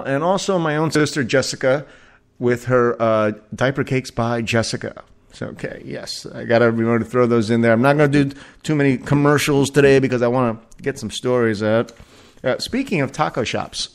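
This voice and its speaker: A man in his forties hosting a casual solo podcast, rambling and swearing with many restarts. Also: mid-range voice. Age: 40s. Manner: rambling, profane, frequent restarts and laughs. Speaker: podcast host.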